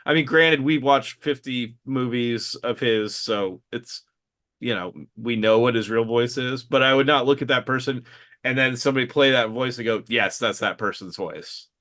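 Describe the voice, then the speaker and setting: A man's voice: medium pitch, fairly even intonation, moderate pace, a bit bright. Man, late 30s, podcast co-host: hesitant, filler-heavy, dry-humored delivery. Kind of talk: casual chat.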